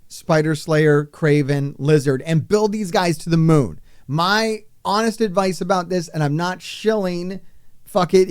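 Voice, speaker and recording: Excitable profane man streaming a game. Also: fairly high pitch, clear, resonant tone, no room sound, studio quality. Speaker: gaming streamer. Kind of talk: live game stream commentary.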